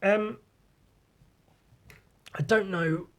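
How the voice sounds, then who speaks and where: A man's voice: sits high, very slow. A man hosting a podcast, casually talking through his comic pages and swearing freely. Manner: loose and rambling, swears, mimics sound effects. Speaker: podcast host.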